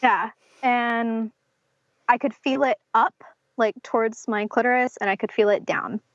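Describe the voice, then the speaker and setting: A woman's voice: a little high, a little slow, no echo. A young woman from North Carolina telling a personal story as a podcast guest, with many fillers like "um" and "like", acting out what others said to her. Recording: slightly dull lo-fi podcast audio.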